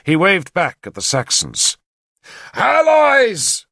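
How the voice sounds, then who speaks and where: Lively, expressive male audiobook narrator. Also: medium pitch, moderate pace, no echo, studio quality. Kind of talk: scripted first-person narration.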